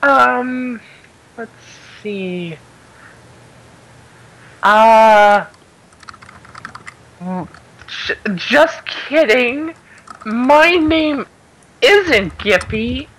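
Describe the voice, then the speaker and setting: A woman's voice: high-pitched, fairly bright tone, rough recording. A woman playing a tabletop game, joking and giggling in casual chat. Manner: playful, giggly, drawn-out speech. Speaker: player.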